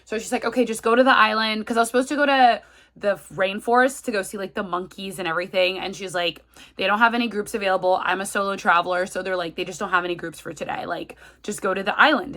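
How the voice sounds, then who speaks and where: A woman's voice: mid-range voice, fairly even intonation, quick pace, sharp tone. A woman in her thirties telling a rambling travel story to her viewers, quoting herself and others as she goes, while sick and feverish. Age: 30s. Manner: chatty, retelling with quoted asides. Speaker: travel vlogger. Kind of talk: casual story time.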